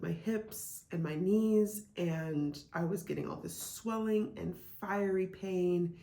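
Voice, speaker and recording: A reseller vlogger from Iowa in the United States chats casually to camera about her reselling, filling nearly every sentence with "like" and "um." Her voice is low, dark, and gravelly, and the room echoes noticeably.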